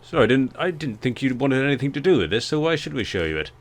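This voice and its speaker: Snarky player with a lively voice. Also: male voice, mid-range voice, quick pace. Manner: insulting, snarky retorts.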